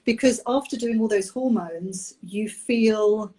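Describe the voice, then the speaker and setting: A young adult woman, a nanny, talking candidly about a personal experience with many pauses and restarts over a video call. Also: mid-range voice, dark tone, breathy edge. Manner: open, halting, with many ums and restarts. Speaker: nanny sharing her IVF experience.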